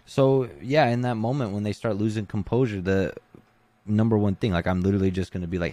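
A man's voice: lowish voice, brisk, no room sound. A man who coaches jiu-jitsu, talking casually in an interview with lots of "you know" and "like". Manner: relaxed, conversational, many fillers like "you know".

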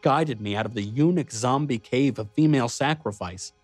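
A man reads a first-person audiobook at a steady, measured pace. His voice sits in a middle register, and the recording is dry and close. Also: medium pitch, no room sound, soft background music. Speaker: audiobook narrator.

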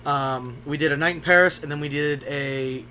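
Bright-voiced man in casual podcast chat. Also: a little high, steady tone, normal speed, slight background noise. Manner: loose, profane storytelling with laughs. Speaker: podcast co-host.

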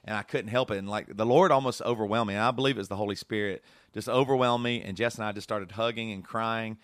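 A man's voice: fairly low pitch, steady tone, fast, a bit bright, no room sound, studio quality. A man hosting a casual podcast, talking earnestly and emotionally with many restarts. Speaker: podcast host.

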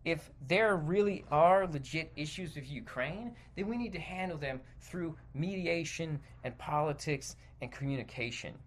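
A man's voice: a little high, animated, normal speed, hardly any pauses, a little hiss or hum. A man hosting a podcast, delivering a heated, profane opinion monologue that rambles and interrupts itself. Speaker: podcast host.

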